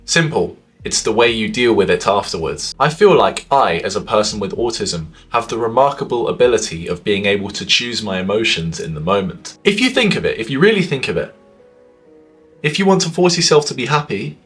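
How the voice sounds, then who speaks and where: A man's voice: expressive, brisk, soft background music. Earnest young man talking to camera. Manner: earnest, with wide swings in pitch and loudness. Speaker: vlogger giving social advice.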